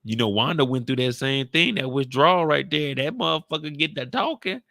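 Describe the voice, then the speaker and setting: A man recaps a TV episode in loose, slangy, joking commentary. His voice is bright and forward. It is recorded dry, with no room echo. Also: mid-range voice, expressive, brisk, gravelly. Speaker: YouTube show recapper. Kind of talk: casual reaction commentary.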